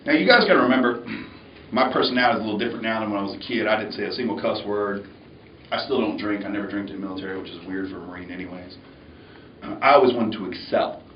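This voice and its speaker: Male speaker, animated storyteller, heard from afar in a reverberant lecture hall, lo-fi. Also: lowish voice, quick pace, a little hiss or hum. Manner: animated, acts out voices. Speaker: motivational speaker. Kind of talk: motivational storytelling speech. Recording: echoey, distant, dull hall recording.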